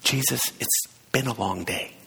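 A man doing an impatient disciple who has run out of patience. He sounds gravelly and husky as he speaks bluntly, and a long hall reverb trails every phrase. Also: medium pitch, moderate pace, bright, forceful tone, exaggerated voice. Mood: exasperated. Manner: blunt and fed-up. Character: impatient, exasperated male disciple.

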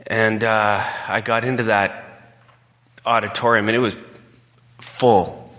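A man's voice: on the low side, level tone, takes it slowly, bright, forceful tone, in a large hall. A male pastor preaching a conversational sermon, telling a personal story in a candid, emotional way.

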